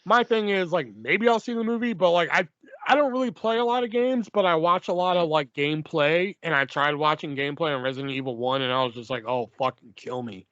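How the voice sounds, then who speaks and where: A man's voice: on the high side, quick pace, fairly bright tone, no echo, highs cut off. A man hosting a casual podcast, chatting loosely and swearing freely as he reads listener questions. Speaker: podcast host.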